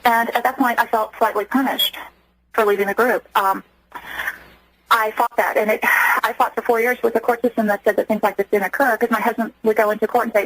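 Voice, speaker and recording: A woman's voice: on the high side, fairly even intonation, fairly quick, fairly bright tone, no room sound, low-quality recording. A woman from Germany, a guest on a radio interview, telling her story earnestly and acting out what others said. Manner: earnest, acts out quoted speech.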